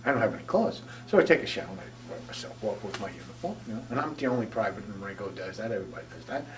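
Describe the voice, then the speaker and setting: Speaking rapid-fire in a fairly low, expressive voice, an older veteran shares war stories in oral history style, wandering and frequently starting over. He is picked up from some distance away from the microphone.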